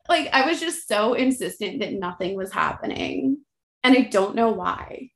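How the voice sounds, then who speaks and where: A woman in her thirties casually telling her birth story as a podcast guest, animated and acting out the voices of others. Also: a little high, brisk. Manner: animated, acts out quoted voices, frequent likes. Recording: roomy echo.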